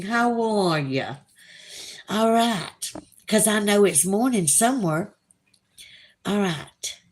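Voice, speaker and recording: A Southern woman chatting on her livestream, taking her time over each viewer comment. Her delivery is slow and drawling, relaxed and talkative, with the Southern accent plain to hear. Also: lowish voice. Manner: chatty, drawling, reads comments aloud slowly. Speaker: livestream host reading chat. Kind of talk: casual livestream chat.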